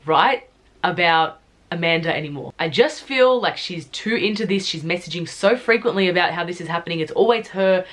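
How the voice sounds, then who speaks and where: A young woman from Australia in a casual storytime vlog, retelling events in a chatty, animated way full of filler words. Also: on the low side, fairly quick. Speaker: YouTuber telling a story.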